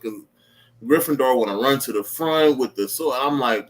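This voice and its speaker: A man's voice: mid-range voice, animated, moderate pace. A man guesting on a wrestling podcast, chatting casually with laid-back slang and acting out his own lines.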